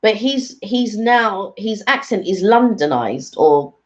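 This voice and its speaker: In dull, lo-fi stream audio, a woman co-hosts a live stream, chatting casually and rambling with fillers and restarts. Her mid-range voice is expressive and slow.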